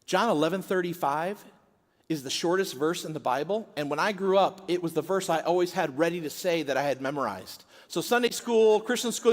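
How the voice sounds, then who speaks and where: A man's voice: high-pitched, lively intonation, a little fast. A middle-aged man preaching a sermon as pastor, telling stories in a conversational way. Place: church sanctuary. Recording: long hall reverb.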